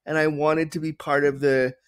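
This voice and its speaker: A man in his thirties from Canada, answering interview questions in an earnest, halting way with restarts. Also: on the high side, level tone, fairly bright tone, clean tone. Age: 30s. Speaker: guest, disability consultant.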